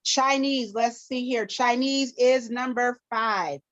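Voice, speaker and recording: Running the game segment of a live talk show, this female co-host keeps things chatty, laughs a lot, and drops playful foreign phrases into the casual podcast banter. She speaks slowly in a slightly high, steady, fairly bright voice, and the lo-fi audio has no echo.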